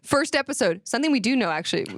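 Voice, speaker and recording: A woman's voice: fairly high pitch, animated, very fast, no echo, studio quality. A young woman co-hosting a podcast, chatty and playful, full of "like" fillers. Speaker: podcast co-host. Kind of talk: casual comedic chat.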